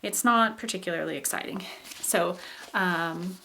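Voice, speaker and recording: A woman's voice: mid-range voice, moderate pace, a bit bright, slight background noise. A woman teaching a recorded phonetics lesson, explaining in a patient way with frequent fillers and acting out example sentences. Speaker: instructor.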